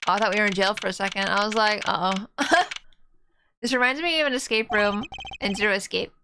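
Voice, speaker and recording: A woman streaming a game live, excitable and laughing as she comments and reads lines aloud. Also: mid-range voice, brisk, background noise. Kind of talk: live let's-play commentary. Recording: game music under the voice.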